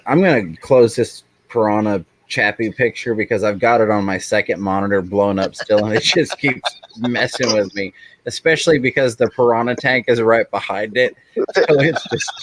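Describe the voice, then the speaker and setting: Friendly and talkative, this man runs a live stream with easy casual chatter and a slightly low voice. He laughs often as he talks and tosses in quick apologies. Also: rough recording. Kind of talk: casual chat.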